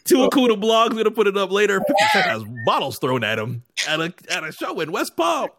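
Podcast co-host: animated man, high and swinging voice, dry close sound, jokes a lot. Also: fairly quick, dry recording. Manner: animated, joking, laughs often. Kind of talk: casual podcast chat.

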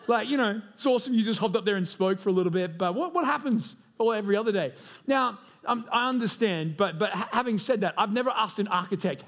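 A man's voice: high voice, animated, brisk, a bit bright. A man in his thirties preaching a sermon as lead pastor, earnest and conversational, telling stories from his own life. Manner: earnest and conversational, with storytelling asides. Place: church auditorium.

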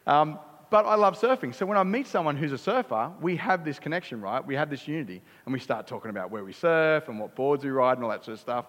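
A man's voice: on the high side, lively intonation, quick pace, few pauses, a bit bright. A middle-aged Australian man preaching a sermon as pastor, conversational and emphatic, with casual asides to the congregation. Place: church hall. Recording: church hall reverb.

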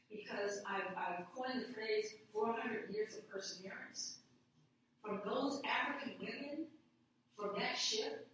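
A woman's voice: fairly high pitch, a bit bright. Emphatic woman in an echoey room. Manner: emphatic, storytelling, repeats key phrases. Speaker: law professor guest. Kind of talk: passionate conversational interview. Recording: echoey room, distant mic, faint noise.

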